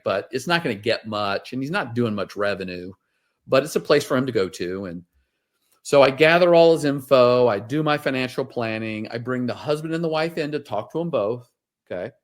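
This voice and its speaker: A middle-aged man, a wealth advisor, telling stories in a casual interview, rambling with many fillers. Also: mid-range voice.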